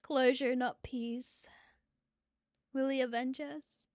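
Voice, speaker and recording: Tearful high-voiced woman streamer, gravelly. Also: little pitch movement, slow pace, darkish tone, no echo, studio quality. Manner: emotional, swearing, laughing often. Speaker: streamer reacting to a video. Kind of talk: casual live reaction.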